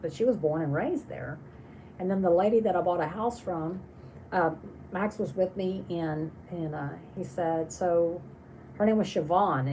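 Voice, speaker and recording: A woman's voice: lowish voice, mellow, slight background noise, low-quality recording. A woman hosting a casual livestream, reading viewer comments aloud and chatting on in a rambling way with many restarts. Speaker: livestream host.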